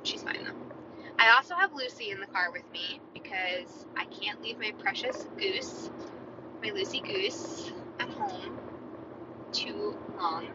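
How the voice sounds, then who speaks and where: A woman's voice: medium pitch, expressive, unhurried. A woman hosting a podcast alone, chatting casually and rambling to herself. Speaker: podcast host. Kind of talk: solo casual chat. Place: inside a moving car. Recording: muffled, with loud car road noise.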